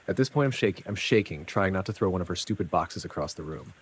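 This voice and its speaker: Deep husky man telling a story. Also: animated, fast. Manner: dramatic, conversational storytelling with casual asides. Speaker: narrator. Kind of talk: first-person story reading.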